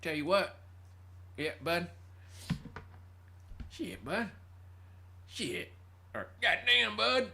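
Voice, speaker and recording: A man voicing a rough, swearing redneck ex-convict with a mock rural accent who drawls and calls everyone bud. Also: high voice, animated, drawn-out words, long pauses, background noise, voice pushed up, heavily acted. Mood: laid-back.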